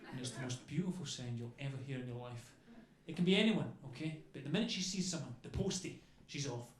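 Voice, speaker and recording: This stand-up comedian works a club stage with a handheld mic, keeping it conversational and following his lines with "okay?" He's a fast talker with a mid-range voice and lively intonation, recorded in an echoey club with faint ambience.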